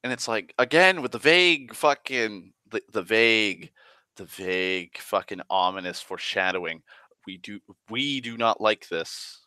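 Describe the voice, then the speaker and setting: A man's voice: on the low side, animated, unhurried, bright, forceful tone, smooth, no room sound. A man retelling a tabletop game session in a rambling, profane way, full of fillers and restarts. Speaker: storyteller.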